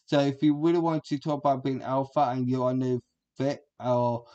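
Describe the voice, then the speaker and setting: A man's voice: mid-range voice, little pitch movement, normal speed, warm tone, clean tone, highs cut off. A man, giving a rambling, crude and combative reaction commentary as a streamer.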